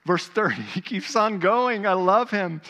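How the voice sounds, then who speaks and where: A man preaching a sermon in a lively, conversational way, swinging between loud emphatic stretches and hushed quiet ones. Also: high voice, measured pace, long reverb tail. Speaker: pastor.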